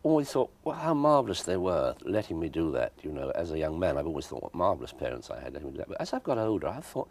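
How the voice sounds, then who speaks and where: An older man from South answers questions in a televised interview. His voice sits very low, yet it swoops up and down a lot. He talks in a wry, self-deprecating way, stopping and repeating himself as he thinks. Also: wildly swooping pitch, fast talker, few pauses, a little mellow, a little hiss or hum. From South London. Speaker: guest actor. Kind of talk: broadcast interview. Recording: TV studio interview from 1983.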